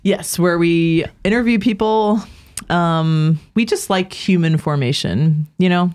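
A woman appearing as a podcast guest, talking in an animated, chatty way and laughing often. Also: fairly low pitch, unhurried, clear, resonant tone. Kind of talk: casual chat.

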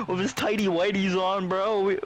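A man's voice: sits high, fairly bright tone, slight background noise. A man casually commentating a wrestling video game with friends, with profane, laughing hype play-by-play. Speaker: gamer mock-commentating a wrestling match. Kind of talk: casual gaming banter.

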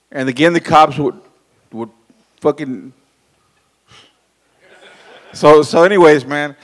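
A man telling a profane, rambling story to a live audience at an event, repeating words and laughing at his own tale. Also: a little high. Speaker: guest speaker at a real estate event.

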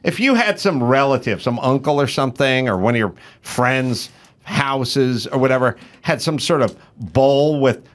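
A man's voice: mid-range voice, a little slow. Middle aged guy hosting a podcast, rambly storyteller, plain mid voice. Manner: rambling storyteller, animated swings. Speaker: podcast host. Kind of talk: casual studio chat.

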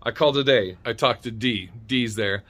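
A man telling a comedic story, animated, profane and indignant. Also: medium pitch, normal speed.

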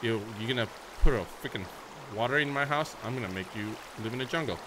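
A young man talks through his game in a playful, chatty way, addressing his viewers as friends and now and then shrieking or cooing at his horse. His voice sits at an ordinary middle pitch. The home recording carries a clear layer of background noise. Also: fast. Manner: bursts into shrieks and baby talk at his horse. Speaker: gaming YouTuber. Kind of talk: Minecraft let's play commentary.

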